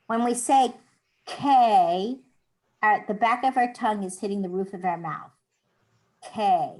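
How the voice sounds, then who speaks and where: A woman's voice: mid-range voice, darkish tone, low-quality recording. A middle-aged American woman teaching a Hebrew class, patiently explaining and demonstrating sounds. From United States. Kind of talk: online class lesson.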